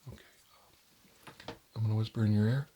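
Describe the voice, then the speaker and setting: A man playing a nervous male doctor in a soft-spoken ASMR role-play, rambling and filling his talk with "like" and "you know.". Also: lowish voice, a little slow, slightly rough. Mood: uneasy. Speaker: doctor examining a patient.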